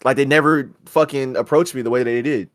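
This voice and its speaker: A man's voice: medium pitch, fairly even intonation, fairly quick, no echo. Laid-back young man, dry close sound. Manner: laid-back, profane, acts out customers in quotes. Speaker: podcast co-host. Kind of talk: casual chat.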